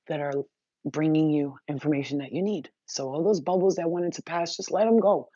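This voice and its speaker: A woman's voice: sits low, moderate pace, dark tone, no echo. Blunt, reassuring woman healer on a livestream. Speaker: spiritual healer. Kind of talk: casual livestream chat. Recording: dull, dry lo-fi sound.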